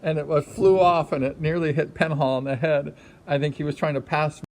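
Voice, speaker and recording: A middle-aged man who used to race speedway tells a meandering story with plenty of repeated filler words, casual in style. His voice sits fairly high and stays steady in tone, moving at a brisk clip. Loud music plays underneath the recording.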